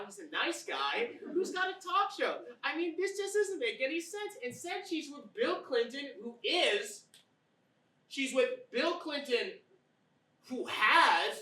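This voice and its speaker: A woman's voice: high voice, pushed and bright, heavily acted. A woman playing a brash, conspiratorial TV pundit who rants and hypes a scandal in a comedy sketch. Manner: bombastic, ranting, conspiratorial. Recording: roomy, distant mic.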